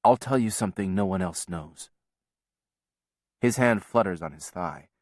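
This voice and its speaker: A man reading a novel aloud as first-person audiobook narration, in a measured, quiet storytelling manner. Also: deep voice, dry recording, clean studio sound.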